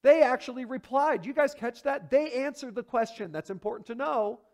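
At an ordinary pace, a male preacher gives an animated, forceful sermon. Rhetorical questions go out to the congregation, and his delivery swings between soft, low asides and loud, high bursts.

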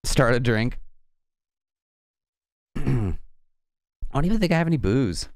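A man's voice: medium pitch, sing-song, unhurried, dry recording, studio quality. A young man hosting a programming livestream, chatting loosely and bantering with his viewers. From American South. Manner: chatty, rambling, banters with chat. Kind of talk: casual livestream chat.

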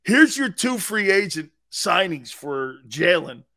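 Incredulous, mocking sports talk host. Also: male voice, sits high, very animated, takes it slowly. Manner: mocking and incredulous, breaking into laughter and shouted outbursts.

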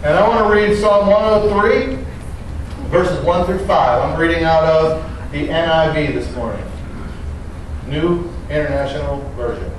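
A male pastor gives an earnest sermon in a somewhat higher voice. He is recorded from a distance in an echoey church, with faint room noise behind him. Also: measured pace. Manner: earnest preaching with prayer and scripture reading. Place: church sanctuary.

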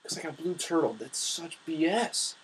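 Young male gamer, husky, casual trash-talk commentary. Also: fairly high pitch, normal speed, low-quality recording. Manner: excitable, trash-talking. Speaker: gameplay commentator.

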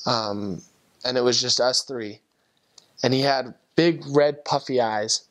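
A young man and returned missionary, telling a personal testimony story in an earnest, emotional way, with halting restarts. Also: medium pitch.

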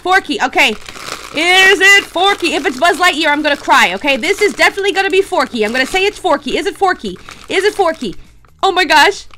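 A woman hosting a toy unboxing video, chatty and excitable, talking straight to her viewers. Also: very high-pitched, fairly quick, slight background noise. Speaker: toy unboxing channel host. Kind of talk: casual unboxing chat.

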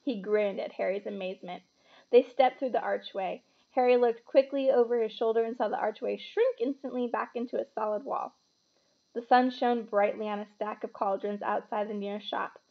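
A woman reading a children's book aloud with expressive, animated storytelling. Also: on the high side, normal speed, vocal fry, narrow, tinny audio.

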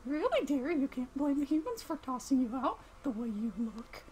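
Fussy, doting game barkeep, raised pitch, affected; a woman doing the voice. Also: big pitch swings, normal speed, a little mellow, slight background noise. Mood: prim. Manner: prim, affected reading of game dialogue.

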